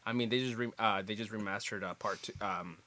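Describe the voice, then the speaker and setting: A man's voice: fairly low pitch, fairly even intonation, a little fast, sharp tone. A man co-hosting a podcast in casual chat, blunt and joking, with some swearing. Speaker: podcast co-host.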